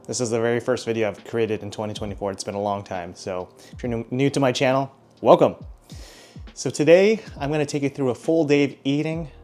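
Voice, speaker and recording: A man's voice: mid-range voice, fairly even intonation, a little fast, a little mellow. Young male vlogger, easygoing and chatty, mid-range voice, light music under him. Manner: chatty, upbeat, self-deprecating asides. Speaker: fitness vlogger. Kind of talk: casual vlog narration.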